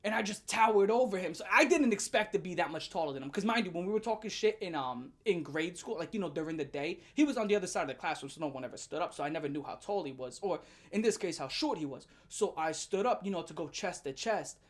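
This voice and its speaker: A woman telling a storytime rant as a vlogger, animated and profane, breaking into loud laughing shouts. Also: lowish voice, fast talker, few pauses.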